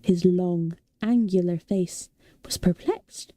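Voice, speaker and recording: A woman reading a novel aloud as a soothing bedtime read-aloud, softly and slowly. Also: mid-range voice, expressive, no echo. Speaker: audiobook reader.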